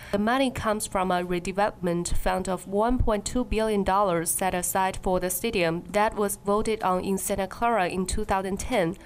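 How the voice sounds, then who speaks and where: Female anchor, mid-pitched voice, steady scripted news read. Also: a little hiss or hum.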